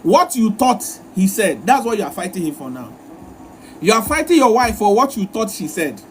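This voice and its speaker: Guy with a really high voice lecturing on relationships, hammers the same word over and over. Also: very animated, normal speed, slight background noise. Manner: repetitive, emphatic, lecturing. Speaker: relationship advice host. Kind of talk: live-stream advice talk.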